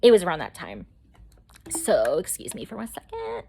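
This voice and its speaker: A woman's voice: deep voice, big pitch swings, moderate pace, vocal fry, a little mellow, breathy edge. A woman vlogger telling her own story in a chatty, rambling way with lots of fillers. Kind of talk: casual storytelling to camera.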